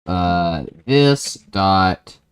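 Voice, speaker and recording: A man's voice: low-pitched, expressive, very slow, smooth. A young man chatting casually and joking while he codes a game, thinking aloud as he types. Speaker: game developer. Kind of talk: casual chat while coding.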